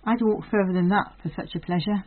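A woman's voice: mid-range voice, fairly even intonation, a little fast, lightly acted. Brief: a woman playing an earnest little peasant girl longing to learn; tinny narrow sound. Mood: eager. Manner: eager, earnest. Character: eager eight-year-old peasant girl. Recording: thin phone-like sound.

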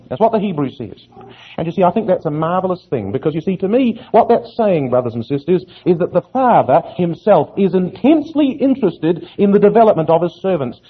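High, husky-voiced preacher, tinny audio. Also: male voice, very animated, fairly quick. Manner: earnest, asks rhetorical questions. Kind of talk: sermon, Bible exposition.

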